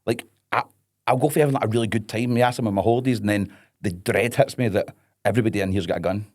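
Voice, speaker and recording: A man's voice: lowish voice, fairly even intonation, fast, a little mellow. A Scottish man, a wrestler guest on a podcast, chatting casually and ranting with lots of swearing and comic exasperation. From Scotland. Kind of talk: casual chat.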